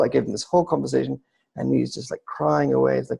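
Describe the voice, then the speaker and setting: A man's voice: mid-range voice, fairly even intonation, fast, creaky, warm tone, husky. A middle-aged man hosting a casual discussion, telling a rambling family story and reading out listener comments. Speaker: host.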